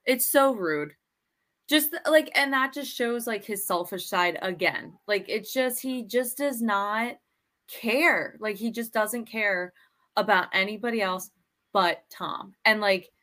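A woman's voice: mid-range voice, slow, bright, forceful tone. A woman guest on a friend's podcast who chats casually and emphatically, repeating points for stress. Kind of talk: casual chat.

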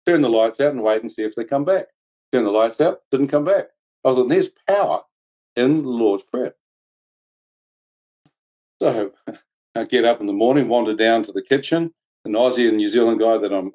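Over poor audio, a man shares a personal testimony in casual, excitable storytelling. He laughs often, uses colloquial slang like "mate" and "flippin'," and jumps into high voices when quoting people.

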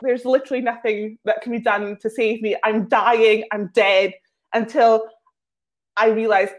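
A woman with a fairly high voice tells casual stories as a guest. Her talk is chatty and self-mocking, peppered with filler words. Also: flat delivery, unhurried. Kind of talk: casual storytelling.

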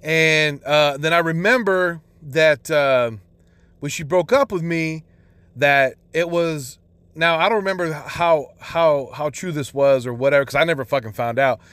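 A man's voice: a little high, unhurried, a bit bright, clear, resonant tone, no room sound. Profane, rambling man telling a story. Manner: profane, rambling, frequent restarts and fillers. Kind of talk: casual storytelling monologue.

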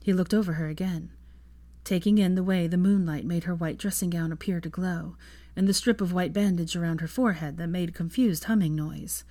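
A woman reading a fan fiction story aloud in a calm, even storytelling manner. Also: fairly low pitch, a little fast. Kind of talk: storybook narration.

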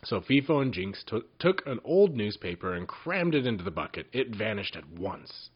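Casting: man reading a children's story aloud, husky low voice, lively pitch, dull lo-fi sound. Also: normal speed. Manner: gentle reading with small slips and restarts. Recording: dull lo-fi recording.

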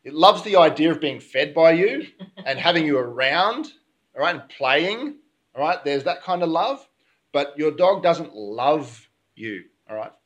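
A man's voice: on the high side, expressive, moderate pace, fairly bright tone. A man with an Australian accent preaching a sermon in a church, in an easygoing conversational way that keeps checking in with the congregation. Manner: conversational, keeps asking "all right?". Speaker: pastor.

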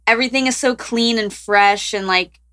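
Bright, chatty young woman co-host. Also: fairly high pitch, normal speed. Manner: chatty, giggly, lots of "like" and "um". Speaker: podcast co-host. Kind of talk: casual chat.

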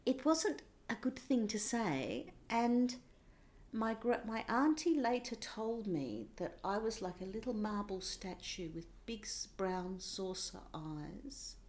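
A woman recounting a painful childhood memory in an interview, intense and sometimes dropping to a hushed whisper. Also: mid-range voice. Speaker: interview guest. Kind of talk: personal storytelling.

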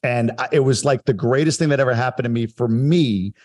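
A man from Long Island talks about his childhood in a relaxed podcast chat. His tone is reflective and self-deprecating. His voice sits at a middle pitch. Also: brisk. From Long Island, New York. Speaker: guest telling his life story. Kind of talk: casual podcast conversation.

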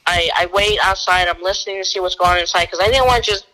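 Bright-voiced woman telling a story. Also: lowish voice, poor audio. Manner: animated, acts out dialogue in quick bursts. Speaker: fugitive recovery agent guest. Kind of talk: casual storytelling in conversation.

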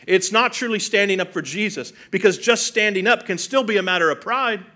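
A man preaching a sermon, earnest and full of rhetorical questions, swinging from hushed and soft to loud and emphatic. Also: sits high, fairly quick, hardly any pauses. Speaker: pastor.

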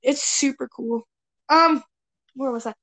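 High-pitched teasing teen girl. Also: measured pace, a bit bright. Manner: teasing, giggly, steers the topics. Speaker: podcast host. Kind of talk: casual chat among friends.

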